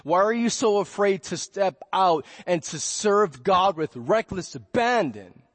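A man preaching a sermon as pastor, telling the story in a lively way and dropping to a soft hush when reading scripture. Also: high voice, measured pace, hardly any pauses, no room sound. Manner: animated storytelling, acting out panicked voices. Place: church.

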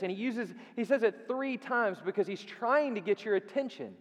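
A man preaching a sermon as pastor, swinging from loud and quick to hushed and drawn out, repeating phrases and asking his listeners questions. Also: high-pitched, animated. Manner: repeats phrases for emphasis and asks the audience questions. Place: church sanctuary. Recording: long reverb in a church hall.

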